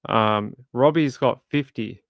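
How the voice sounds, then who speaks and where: Casual streamer host, man, smooth voice, close dry mic, reads chat with sympathy. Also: medium pitch, takes it slowly, no echo. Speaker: true crime livestream host. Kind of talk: casual livestream chat, reading viewer comments.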